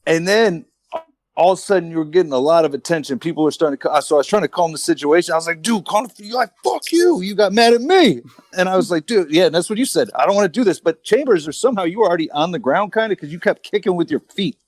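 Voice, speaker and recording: A man's voice: on the high side, animated, fast, no echo. Profane rambling veteran storyteller, man. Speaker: podcast co-host, army veteran. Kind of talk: casual storytelling chat.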